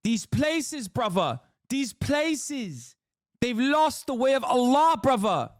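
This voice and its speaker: A man voicing an aggressive male fundamentalist podcaster from London, in a South Asian London accent, preaching slowly and calling everyone brother. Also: very high voice, sing-song, no echo, clean studio sound, voice pushed up, heavily acted. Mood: preachy. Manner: preachy, drawn-out, keeps saying brother.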